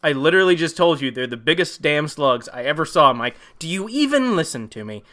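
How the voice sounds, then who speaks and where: A woman's voice: sits low, very animated, fairly quick, a bit bright. A man voicing an exasperated woman who scolds her husband for not listening, in a sarcastic tone.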